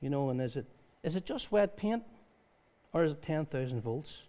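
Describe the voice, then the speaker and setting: A pastor with a slightly higher-than-average voice delivers a conversational sermon at a church service. He moves between reading scripture aloud and telling stories in a lively, informal way. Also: moderate pace.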